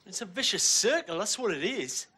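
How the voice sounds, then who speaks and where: A husky, homesick builder. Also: male voice, high-pitched, big pitch swings, moderate pace, sharp tone, full character voice. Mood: aggrieved. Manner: earnest, aggrieved. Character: sensitive homesick married builder.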